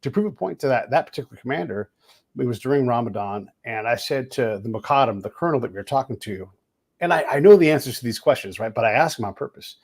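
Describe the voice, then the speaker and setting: Male podcast host, mid-pitched, husky, casual and blunt storyteller. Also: quick pace. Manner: animated anecdotes with blunt language.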